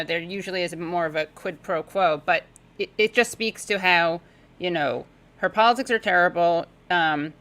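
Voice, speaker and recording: A woman guest talking politics in casual chat, sarcastic and talkative, with quick asides. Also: lowish voice, a bit bright, low-quality recording. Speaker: podcast guest.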